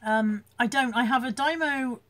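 A woman's voice: a little high, moderate pace, a bit bright. A British woman hosting a casual live chat from home, reading out viewer comments and laughing often as she talks into her phone. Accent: British English.

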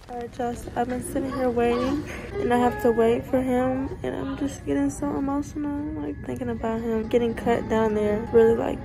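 High-voiced tearful young mom vlogging. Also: female voice, steady tone, moderate pace. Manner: emotional, tearful, soft-spoken. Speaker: vlogger, mother. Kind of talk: casual vlog chat. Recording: music playing behind.

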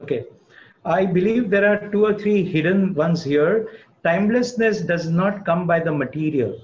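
Earnest Indian architect on a muffled call. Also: male voice, high-pitched, moderate pace, a little mellow. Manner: earnest, discursive, frequent "uh" fillers. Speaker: guest architect speaker. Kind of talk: webinar Q&A answer.

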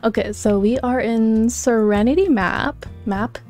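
Excitable young woman gaming host. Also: fairly high pitch, measured pace, faint music behind. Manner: excitable, gasping and giggling, talking quietly. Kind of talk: casual gameplay commentary.

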